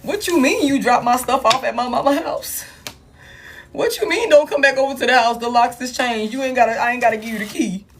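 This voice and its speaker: Woman doing a jilted partner, pleading, indignant, higher and louder than her usual voice, rapid-fire questions. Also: far from the mic, a little hiss or hum, lightly acted.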